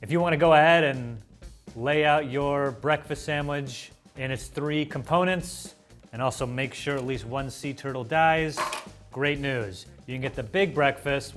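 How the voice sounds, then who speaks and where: A man from the US hosting a casual food review, playful and excitable, with mock-dramatic asides. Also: mid-range voice, measured pace, soft background music. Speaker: food show host.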